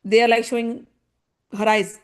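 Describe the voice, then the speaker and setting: A woman telling a devotional story in an animated, conversational way with frequent asides. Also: a little high, normal speed, smooth. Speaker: spiritual storyteller.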